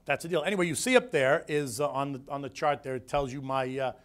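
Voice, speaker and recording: A man from the United States, a floor broker speaking as guest, telling a story in a rambling, animated way that repeats his words. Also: medium pitch, fast. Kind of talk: casual emotional storytelling talk.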